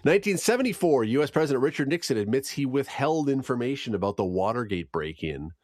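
Lively chatty male radio host. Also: mid-range voice, quick pace, dry recording, clean studio sound. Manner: lively, chatty, jokes aside. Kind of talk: morning radio news and chat.

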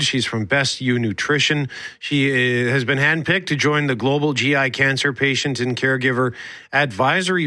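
Man, host, upbeat, bright tone, dry close mic. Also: mid-range voice, no echo. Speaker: show host. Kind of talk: TV interview hosting.

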